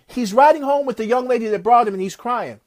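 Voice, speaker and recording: A motivational speaker, a man, retells a success story with animated, preacher-like energy. His voice is very high-pitched and he talks fast.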